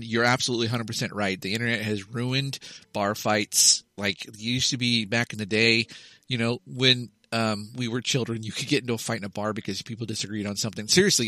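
A man's voice: mid-range voice, a little fast, sharp tone, dry recording. A man in his thirties, a podcast co-host telling a rambling, profane comic story in casual chat. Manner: rambling storyteller, swears freely.

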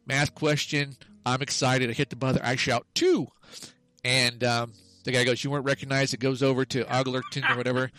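A man's voice: mid-range voice, level tone, fairly quick, few pauses, sharp tone, dry recording, rough recording. A man co-hosting a casual comedy podcast, telling a long story that he keeps correcting mid-way and laughs at himself. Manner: rambling, self-correcting, loses the thread and laughs at himself. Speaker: podcast co-host.

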